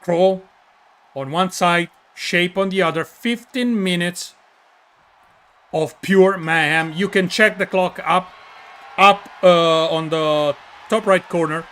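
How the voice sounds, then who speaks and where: A man's voice: high-pitched, takes it slowly, a bit bright. A man with an Italian accent, hosting and commentating a wrestling show, joking and reading chat names aloud. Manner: jokey, reads chat names aloud, hypes the ring entrances.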